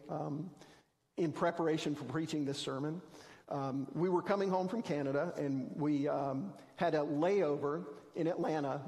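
Pastor with a higher voice, church reverb. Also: male voice, a little mellow. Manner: conversational storytelling with self-deprecating humor. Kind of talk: sermon. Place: church sanctuary.

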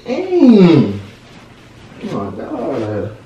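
A man's voice: on the high side, wildly swooping pitch, very slow, far from the mic, muffled recording, noisy background. A young man in a casual vlog, teasing and pleading with his girlfriend and repeating himself over and over. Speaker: vlogger. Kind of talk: casual playful chat. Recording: echoey room, off-mic.

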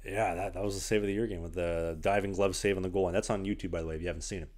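A young man hosting a podcast, an animated storyteller who says "like" a lot in casual chat. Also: deep voice, very fast. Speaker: podcast host. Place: small apartment.

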